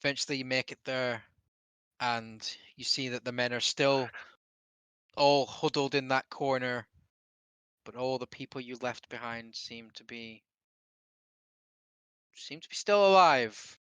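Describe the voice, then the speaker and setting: Male game master, rambling casual narration, bright tone. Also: mid-range voice, unhurried, long pauses, smooth, dry recording. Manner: loose, rambling narration with fillers and laughter.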